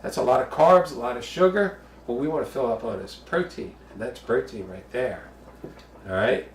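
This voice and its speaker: A man's voice: medium pitch, normal speed, roomy sound, far from the mic. A man from the Bronx, hosting a casual home cooking show, chatty and jokey with bawdy asides. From the Bronx, New York.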